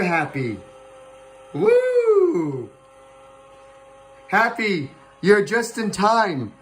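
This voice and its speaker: A man voicing a cheerful male stunt pilot who excitedly calls out to his friend and repeats himself. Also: sits high, exaggerated voice, poor audio.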